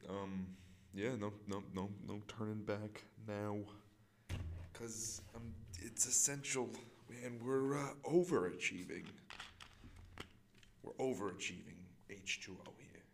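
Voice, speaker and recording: A man's voice: on the low side, gravelly, a little hiss or hum. A man hosting a comedic podcast outdoors on a college campus, rambling with lots of fillers and repeats. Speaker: podcast host.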